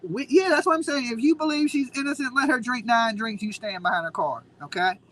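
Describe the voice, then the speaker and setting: A man's voice: very high-pitched, a little fast, fairly bright tone, low-quality recording. A man hosting a live stream, ranting in a mocking, combative way. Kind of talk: heated casual commentary.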